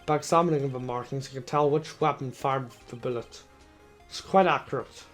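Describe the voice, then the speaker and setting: A man voicing a confident young male defense attorney who argues steadily and methodically, his voice a little hoarse. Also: medium pitch, normal speed, a bit bright, faint music behind, lightly acted.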